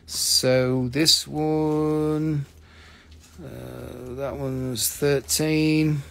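A man's voice: mid-range voice, gravelly, slight background noise. A man hosting a live crystal sale, rambling and joking as he swears freely and talks to viewers by name. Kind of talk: casual live sales pitch.

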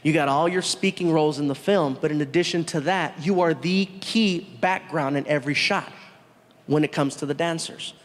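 A male comedian acting out a calm, earnest male film director giving an actor notes. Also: on the high side, moderate pace, big-room sound, pitched below the performer's own voice, close to an everyday voice. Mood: coaching. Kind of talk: stand-up act-out.

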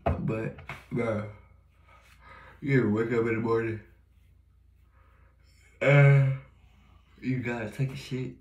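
A man's voice: medium pitch, fairly even intonation, slow pace, pauses often, a little mellow. A young man vlogging in a casual, rambling monologue, full of slang and swearing, often repeating himself. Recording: roomy echo.

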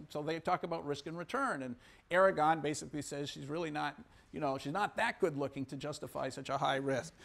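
A man giving a university economics lecture, retelling a story in an animated way, with many fillers and restarts. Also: on the high side, gravelly. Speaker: economics professor. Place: lecture hall.

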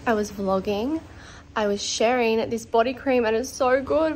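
A woman's voice: on the high side, normal speed, darkish tone, a little hiss or hum, poor audio. A young woman vlogging casually on a trip, talking with lots of "like" fillers and open emotion, filmed on a phone outdoors. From Australia. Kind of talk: casual travel vlog. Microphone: phone held at arm's length.

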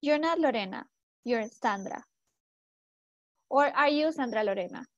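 A woman's voice: high-pitched, lively intonation, measured pace, dry recording, lo-fi sound. A young woman teaching an English class to students, asking many short questions and switching into Spanish to explain.

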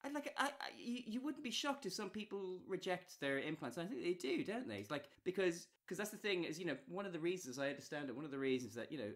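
A man's voice: sits high, sing-song, fast talker, few pauses. A man, co-hosting a podcast, talking things through thoughtfully with frequent restarts. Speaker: podcast co-host. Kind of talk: casual chat.

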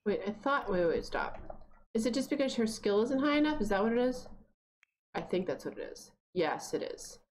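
Young woman, game streamer, casual commentary, lively swooping pitch, talks to her characters. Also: moderate pace, slight background noise. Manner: chatty, talks to her characters, sudden excited squeals. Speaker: gaming streamer.

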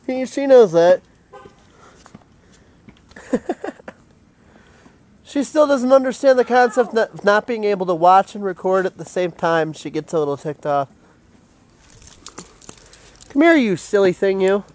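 A woman's voice: mid-range voice, unhurried, long pauses, darkish tone. A woman filming her dog at home on a handheld camera, coaxing and calling it in a playful, laughing way. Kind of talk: casual home video.

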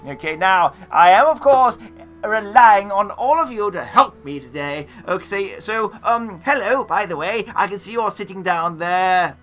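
A woman in costume, hosting a live role-play adventure and chatting playfully with viewers, swinging from hushed asides to booming announcements. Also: expressive, measured pace, faint music behind. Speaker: costumed storyteller and game master. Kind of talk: live role-play storytelling to a streaming audience.

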